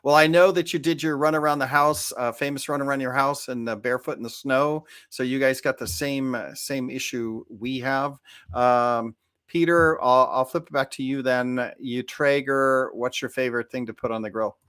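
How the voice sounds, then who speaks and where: A male podcast host in his forties, rambling through a story with many restarts. His voice is middle-pitched. The sound is dry and close. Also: steady tone, normal speed, a bit bright, smooth, no echo. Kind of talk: casual podcast chat.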